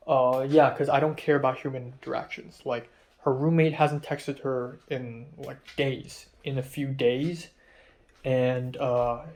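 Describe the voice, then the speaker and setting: A man's voice: medium pitch, darkish tone. A young man recording a diary-style vlog, rambling and frustrated, swearing often as he retells an argument. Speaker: vlogger.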